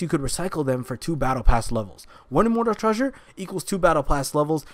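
A man's voice: a little high, no echo. A man giving heated commentary while streaming from his gaming computer, ranting angrily and swearing often. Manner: angry ranting, frequent swearing.

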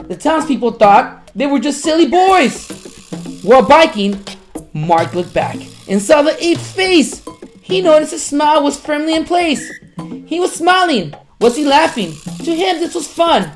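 A woman hosting a children's show, reading a storybook aloud in an expressive, dramatic way. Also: sits high.

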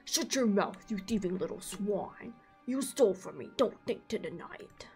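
A woman's voice: medium pitch, normal speed, husky, faint music behind. A woman voicing a threatening man with a Southern drawl, reading game dialogue aloud. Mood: menacing. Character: gruff male Southern townsman bully.

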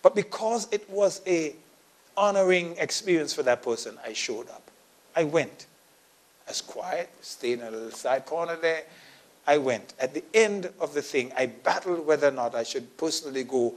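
A man pastor preaching a sermon in church, telling a personal story and acting out the dialogue, swinging from quiet asides to loud emphatic preaching. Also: on the high side, animated, normal speed. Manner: storytelling, acting out his own quoted dialogue; laughs at his own story.

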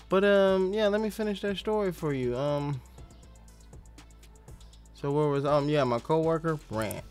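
A man's voice: a little high, a little slow, long pauses, a little mellow, faint music behind. Man chatting over a game. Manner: chatty, profane, rambling storyteller. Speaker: gaming channel host. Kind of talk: casual gameplay commentary and storytelling.

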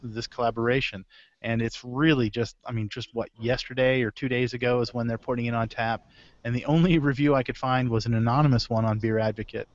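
A man's voice: medium pitch, steady tone, brisk, dry recording, dull audio. Chatty man hosting a beer podcast. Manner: rambling, self-correcting, chuckles between items. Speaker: podcast host. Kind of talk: casual beer podcast chat. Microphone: video call.

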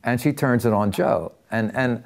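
A man's voice: medium pitch, normal speed, vocal fry. An older man from the United States, telling stories earnestly in an interview and acting out the voices of people he quotes. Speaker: interview guest. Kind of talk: storytelling interview.

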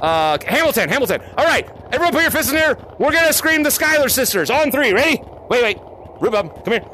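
A man hosting a live-streamed VR game chat, excitable, calling out names and laughing often, on a headset mic. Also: very high-pitched, fast talker, a little hiss or hum. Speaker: gaming streamer and host.

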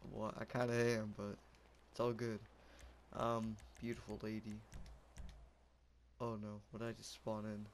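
A man's voice: on the low side, monotone, a little slow, pauses often, a little hiss or hum. Goofy young man narrating gameplay. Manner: goofy, rambling, yelps and laughs. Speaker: gameplay commentator. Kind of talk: casual gameplay commentary.

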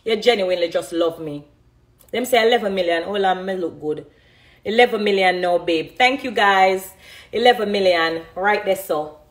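Speaking at a moderate pace with a medium-pitched voice, a woman in her thirties chats casually on a phone live stream. She's a dancehall artist with a Jamaican accent who reads viewers' comments and laughs frequently.

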